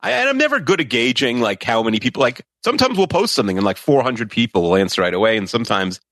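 A man's voice: mid-range voice, sing-song, fast, fairly bright tone, no room sound, clean studio sound. A man in his forties co-hosting a podcast, chatting casually and rambling with many hesitations. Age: 40s. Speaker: podcast co-host. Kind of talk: casual chat.

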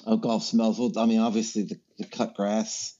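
A man's voice: lowish voice, level tone, moderate pace, dark tone, dull audio. A man chatting as a podcast guest, rambling through stories with lots of fillers and restarts. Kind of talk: casual chat.

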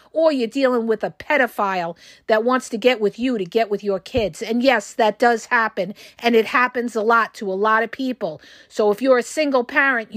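A woman's voice: a little high, dry recording, studio quality. A woman hosting a podcast about narcissists and talking straight to her listeners in a blunt, profane way, repeating her points for emphasis. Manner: blunt and profane, addressing listeners as "you guys". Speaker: podcast host and relationship coach. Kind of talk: casual monologue.

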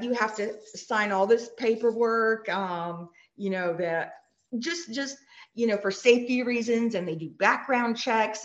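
Animated Texan woman on a muffled line. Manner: animated, acts out quoted voices high and bright. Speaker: guest, team superfan. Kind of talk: casual interview storytelling.

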